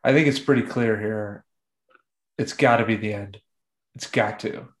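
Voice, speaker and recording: A man hosting a casual podcast, steering the talk with measured questions. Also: on the low side. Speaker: podcast host.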